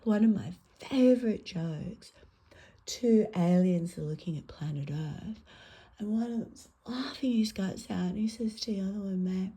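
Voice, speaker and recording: A middle-aged woman with an Australian accent does stand-up, telling rambling stories and swearing freely, swinging between loud outbursts and murmured asides. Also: medium pitch, unhurried, breathy edge. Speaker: stand-up comic. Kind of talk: stand-up storytelling.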